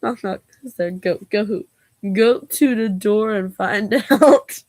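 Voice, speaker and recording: A woman's voice: medium pitch, takes it slowly, a little mellow, no room sound. A woman vlogger reading knock-knock jokes aloud, taking both parts herself and breaking off for giggly asides.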